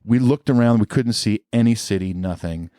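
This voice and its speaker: Laid-back low-voiced man telling road stories. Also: moderate pace, warm tone, no room sound, clean studio sound. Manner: rambling, filler-heavy, laid-back storyteller. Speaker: musician guest. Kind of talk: casual storytelling interview.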